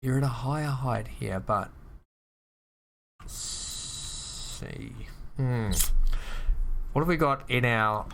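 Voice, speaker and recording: A man's voice: medium pitch, slow pace, creaky, pauses often, fairly bright tone, slight background noise. A man giving casual commentary on his own gameplay as a video host, muttering to himself and talking to the game pieces.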